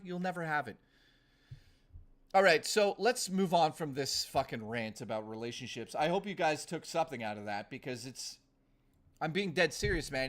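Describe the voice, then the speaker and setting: A young man talks to his stream in a blunt, rambling way, cursing freely and circling back on himself. His voice sits a little higher than most men's. He keeps it casual and direct, like off-the-cuff chat. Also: fairly bright tone. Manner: blunt, profane, ranting and rambling. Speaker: live streamer.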